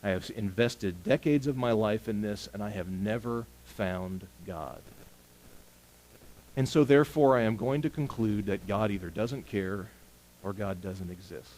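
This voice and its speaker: An exasperated lifelong seeker, as a preacher plays him. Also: male voice, lowish voice, measured pace, darkish tone, lightly acted, low-quality recording. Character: frustrated man searching for God all his life.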